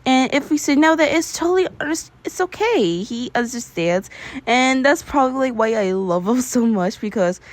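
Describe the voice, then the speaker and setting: A young woman in casual chat, sharing excitable, rambling fan theories with frequent giggles. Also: on the high side, normal speed.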